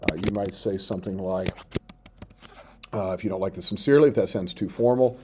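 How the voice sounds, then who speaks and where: A male teacher giving a step-by-step tutorial, reading his sample text aloud slowly as he types it. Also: sits low, slight background noise. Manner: explains step by step, reads out sample text slowly while typing. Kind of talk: screen-recorded tutorial.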